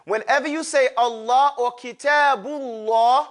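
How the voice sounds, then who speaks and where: A man's voice: extremely high pitch, moderate pace, a bit bright. A man teaching a classroom lesson, drawing out sounds for students to repeat and adding playful asides. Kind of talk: classroom lesson with call-and-response drills.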